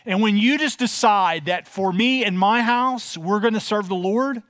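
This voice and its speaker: A man's voice: high-pitched, unhurried, fairly bright tone, no room sound. A man in his forties preaching a sermon to his church in a conversational, folksy way, with frequent filler sounds. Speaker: pastor.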